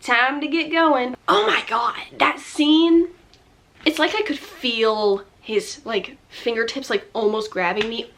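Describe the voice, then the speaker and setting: Young female vlogger, casual and emotive, talks in fillers, higher-pitched. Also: slow pace, creaky, fairly bright tone, a little hiss or hum. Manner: emotive, gushing, lots of filler words. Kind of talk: casual movie review.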